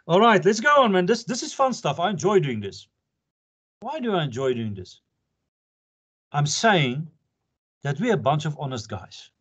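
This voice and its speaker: A man's voice: fairly high pitch, sing-song, normal speed, pauses often, a bit bright, breathy edge. An older man from South Africa, an advocate giving an informal lecture to pupils, earnest and jokey, laughing often. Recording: dull lo-fi lecture recording.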